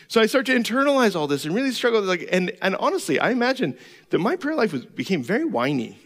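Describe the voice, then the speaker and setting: A man's voice: high voice, very animated, brisk, a bit bright, long reverb tail. A middle-aged man preaching a sermon, telling a candid, self-deprecating personal story with laughs. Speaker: pastor.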